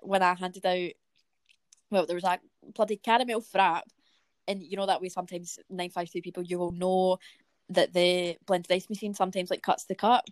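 A young Scottish woman hosting a podcast, telling lively work stories in casual chat with plenty of swearing. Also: lowish voice, normal speed, dry recording. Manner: lively storytelling with frequent swearing. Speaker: podcast host.

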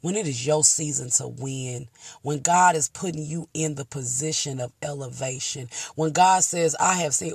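A woman hosting a faith-based motivational talk in a preacherly, emotional way, moving from hushed tearful prayer to loud bold declarations. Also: sits low, normal speed, creaky, breathy edge, no room sound. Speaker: motivational podcast host.

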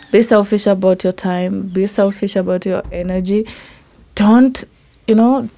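A young Kenyan woman with a Kimeru accent, hosting a casual solo podcast and mixing English with Swahili, sometimes dropping to a soft whisper. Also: mid-range voice. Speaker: podcast host.

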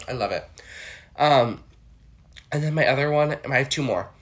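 A young adult host chatting solo in a campy, playful way. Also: male voice, medium pitch. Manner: chatty, campy, jumps into quick impressions. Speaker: podcast host. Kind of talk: casual solo chat with impressions.

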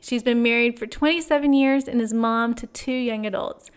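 A woman's voice: on the high side, moderate pace, clean tone. A woman hosting a devotional podcast, reading her intro in an upbeat, chatty way with light laughs. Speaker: podcast host.

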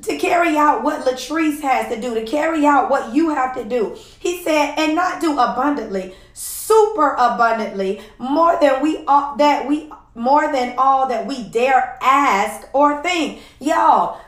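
Woman preaching on her podcast, high voice, holding back tears, echoey room. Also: expressive, unhurried, few pauses. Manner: emotional, preacherly, says "y'all" often. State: close to tears. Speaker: podcast host. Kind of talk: devotional podcast.

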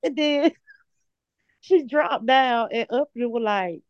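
A woman calling in to a casual chat, telling a story in a lively way with laughter. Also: fairly high pitch, slow, no room sound. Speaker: caller. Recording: dull, dry call-in line.

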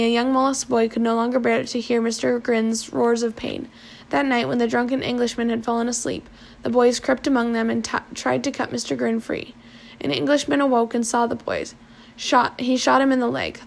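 A woman reading a novel aloud in a plain, steady way, with small slips and restarts. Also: a little high, creaky. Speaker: narrator.

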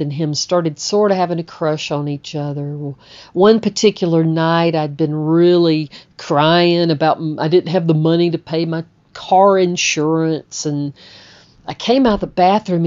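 A middle-aged woman narrates a personal story in a loose, chatty way. Her voice sits low and mellow. The recording sounds a little dull and lo-fi. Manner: chatty, conversational, with frequent "you know" and "like".

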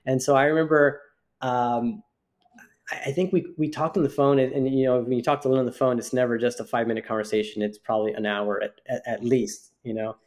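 Male podcast co-host, mid-pitched, talks in long rambling anecdotes. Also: flat delivery, a little fast, a little mellow. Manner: rambling storyteller, many restarts and fillers. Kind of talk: casual chat.

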